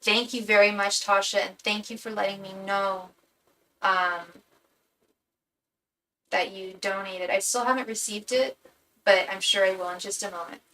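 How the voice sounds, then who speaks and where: A woman's voice: medium pitch, fairly even intonation, normal speed, pauses often, pushed and bright, a little hiss or hum, rough recording. A woman tarot reader giving a live reading to her chat in a casual, chatty way, often stumbling and repeating words as she talks.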